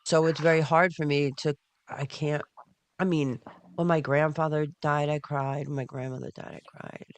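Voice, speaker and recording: A woman on a talk show panel, speaking about her feelings in halting, emotional bursts. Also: deep voice, fairly even intonation, dry recording. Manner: halting, emotional, restarts often. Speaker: guest panelist. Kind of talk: casual talk show discussion.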